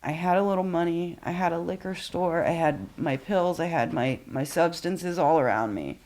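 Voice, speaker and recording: A woman's voice: lowish voice, moderate pace, darkish tone. A woman in her forties, a podcast guest, frankly telling her own story with plenty of swearing and fillers. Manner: frank and profane, with many fillers. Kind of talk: candid personal storytelling.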